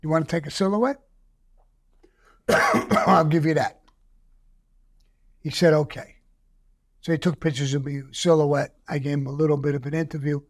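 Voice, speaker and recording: An older man, a guest telling a story casually, profane and animated, acting out the quoted voices. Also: a little high, normal speed, long pauses.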